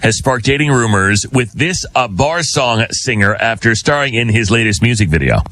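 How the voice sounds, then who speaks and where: Playful radio host man, lively pitch. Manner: quick, laughing, playful. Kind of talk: morning radio quiz banter.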